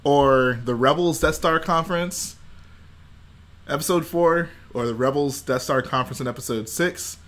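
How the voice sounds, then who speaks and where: A man's voice: on the high side, normal speed, a bit bright. A man hosting a casual livestream, reading chat aloud, laughing often and trying out movie-quote impressions. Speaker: livestream host.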